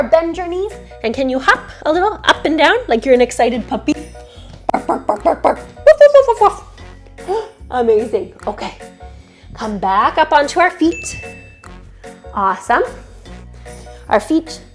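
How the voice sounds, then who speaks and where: Cheerful woman leading a kids yoga class. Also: sits high. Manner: cheerful, encouraging, sings short chants and makes animal and siren sounds. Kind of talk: children's yoga class with sing-along.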